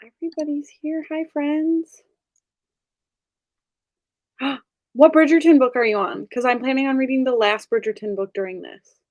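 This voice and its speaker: Chatty higher-voiced woman hosting a readalong. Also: steady tone, normal speed, long pauses, darkish tone, no echo. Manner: chatty, bubbly, laughs often. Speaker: host of an online group reading session. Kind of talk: casual chat.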